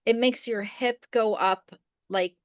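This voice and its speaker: A woman's voice: on the high side, steady tone, takes it slowly, no echo, studio quality. A middle-aged woman co-hosting a podcast, telling a personal story in a rambling, casual way with restarts and quoted voices. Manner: rambling, with many restarts and fillers; acts out the people she quotes. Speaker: podcast co-host.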